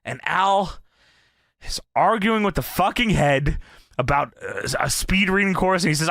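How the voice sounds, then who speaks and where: A man's voice: high-pitched, lively intonation, a little slow, vocal fry, a bit bright, no room sound, studio quality. A young man in a casual, profane chat, laughing as he retells scenes. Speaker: commentator.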